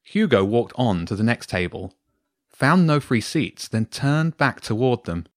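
A man reading his own bedtime story aloud to two boys, with a lively, expressive delivery. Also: medium pitch, unhurried, dry recording, clean studio sound.

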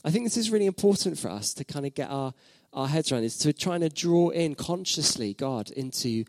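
Animated and a little fast, a man in his thirties gives a sermon as pastor in a slightly mellow voice pitched fairly high for a man. Reflective in tone, he questions the congregation and hammers phrases home by repeating them, captured in close, dry audio without room sound.

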